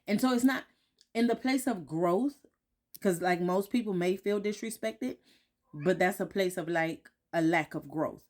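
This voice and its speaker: A woman with a voice on the low side talks at a measured pace in a morning vlog from home. It's casual, reflective talk to her followers, candid in tone, with frequent repetition and "right?" check-ins.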